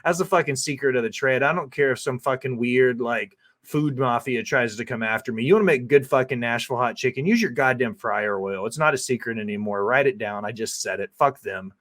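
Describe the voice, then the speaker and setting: With a brisk delivery and few pauses, a man who cooks for a living gives a loose, profane voice-over for his cooking clip, stuffing in fillers like "like" and "um." The voice is mid-range and a touch bright.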